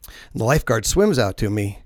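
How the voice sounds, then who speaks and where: Here a podcast host with a rather deep male voice rambles briskly through self-deprecating anecdotes during a casual conversation about faith, stumbling over restarts and filler words. The recording is intimate and dry, without any room sound.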